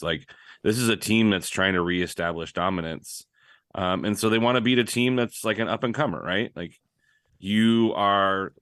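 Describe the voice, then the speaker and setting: A man's voice: low-pitched, fairly bright tone, dry recording. A man co-hosting a casual soccer podcast, talking through his analysis with lots of "like" and "right?" fillers. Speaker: podcast co-host. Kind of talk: casual sports podcast chat.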